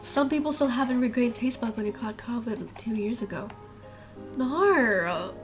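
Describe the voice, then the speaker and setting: A woman's voice: a little high, expressive, normal speed, soft background music. A young woman live streamer chatting casually with her viewers, laughing often.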